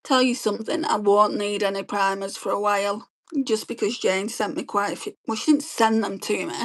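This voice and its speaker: A woman, chatting quickly and rambling as she does her makeup and reads viewer comments on a beauty livestream. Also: mid-range voice, steady tone. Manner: fast-talking, chatty, rambling. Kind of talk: casual chat while doing makeup and reading live comments.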